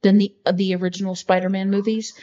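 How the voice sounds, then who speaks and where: A woman's voice: mid-range voice, little pitch movement, fast talker, mellow, muffled recording. A woman co-hosting a podcast in casual chat, talking in an earnest, heartfelt way with many fillers. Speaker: podcast co-host.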